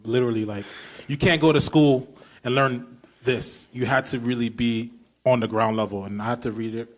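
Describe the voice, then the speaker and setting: A podcast host from Brooklyn, New York, speaks with a mid-range voice at a normal speed and a steady tone. His Brooklyn accent comes through in an eager, emphatic, casual conversation full of loose, slangy phrasing.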